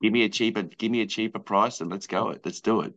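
A man's voice: fairly low pitch, fast talker, a bit bright. Man, interview guest, rambling with fillers, acts out quotes, muffled audio. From Australia. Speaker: filmmaker guest. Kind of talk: casual interview chat.

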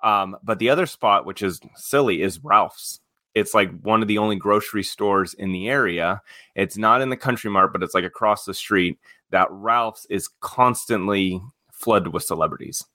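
A man's voice: fairly low pitch, normal speed, sharp tone, dry recording, studio quality. A man co-hosting a podcast, eager and chummy in casual chat. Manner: eager, chummy, says dude. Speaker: podcast co-host.

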